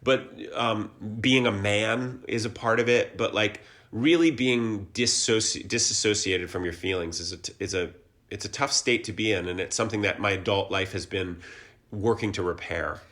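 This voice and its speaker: A man's voice: on the low side, moderate pace, fairly bright tone. Earnest, reflective man in his forties. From Columbus, Ohio. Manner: earnest and reflective, rambling with restarts. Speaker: guest, actor and musician. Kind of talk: casual conversational interview.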